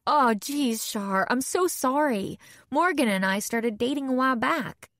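A woman's voice: medium pitch, measured pace, dry recording, studio quality, lightly acted. A woman voicing a bubbly young woman, a model and older sister, with a breezy, gushing manner.

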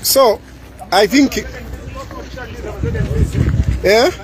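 A man's voice: very high voice, very slow, a faint crowd, a little hiss or hum. A middle-aged man with a Zambian accent, a lawyer making an impassioned appeal to camera, repeating himself and tagging lines with "eh?". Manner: emphatic, repeats lines, tags "eh?" for agreement. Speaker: public lawyer.

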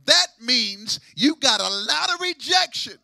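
Man, pastor, high voice, very bright and forceful, half-sung call-and-response sermon. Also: expressive, unhurried, vocal fry, no echo. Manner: call-and-response preaching, swinging from hushed to near-sung shouts.

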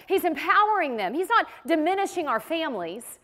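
High-voiced woman preaching in a hall. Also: big pitch swings, brisk, hardly any pauses, sharp tone. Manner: conversational storytelling, acts out quoted voices. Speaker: women's ministry teacher. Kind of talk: sermon. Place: church sanctuary.

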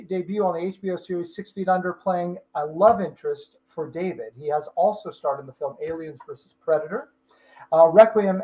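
A middle-aged man with a fairly high voice hosts a relaxed interview over a video call. He sounds eager and laughs often. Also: rough recording. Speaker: host. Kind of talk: casual interview chat.

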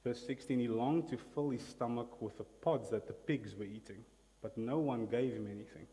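A man preaching a sermon in a voice of ordinary middle pitch. His delivery is emphatic, and he calls on the congregation to repeat words after him. His voice rings with the long reverb of a large church hall. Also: moderate pace, mellow. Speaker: pastor.

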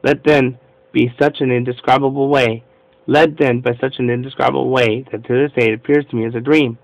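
A man's voice: medium pitch, fairly even intonation, a little fast, vocal fry, no echo, natural voice, rough recording. A man reading the prayer of a humble, devout woman mystic in an earnest, fervent devotional reading.

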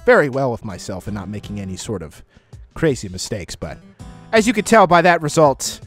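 A man giving casual gameplay commentary close to his microphone, joking at his own expense, laughing often and breaking into sudden excited outbursts. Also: mid-range voice, brisk, soft background music. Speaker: gaming YouTuber.

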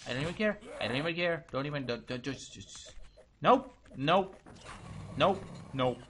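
A man's voice: fairly high pitch, animated, moderate pace, fairly bright tone, slight background noise. A young man commentating a let's play, frustrated, swearing, muttering and repeating himself at a hard boss. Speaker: gaming channel host.

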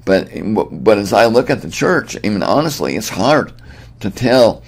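Deep-voiced man preaching earnestly. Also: very animated, moderate pace. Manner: earnest, emphatic preaching with frequent restarts. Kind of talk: sermon.

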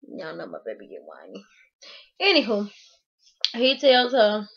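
A woman hosting a recap of a reality show, telling it in an excitable, slangy way and acting out what people said. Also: mid-range voice, measured pace, muffled recording. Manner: excitable storytelling, slangy, acts out quotes.

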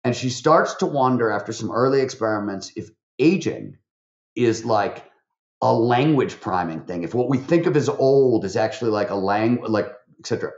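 Animated man telling stories in a roomy sound. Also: medium pitch, dull audio. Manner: animated, fast-talking, with many fillers and acted quotes. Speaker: podcast guest, author. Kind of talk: conversational interview storytelling.

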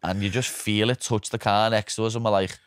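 A young man with a Liverpool accent spins animated stories in a casual podcast chat, slipping into the voices of the people he quotes. His voice sits fairly low, and the sound is dry and close. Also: fairly quick, clean tone, no room sound. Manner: animated anecdotes, swears freely, acts out quotes. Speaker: podcast host.

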